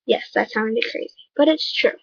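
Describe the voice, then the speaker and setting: High-voiced woman lecturing emphatically. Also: moderate pace, gravelly, no room sound, muffled recording. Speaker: vlogger. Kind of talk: casual vlog monologue.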